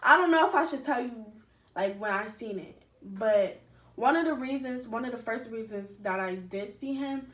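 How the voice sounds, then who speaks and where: A young woman telling a rambling, animated storytime with slang and cursing. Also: a little high, moderate pace. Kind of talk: casual storytime. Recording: echoey room.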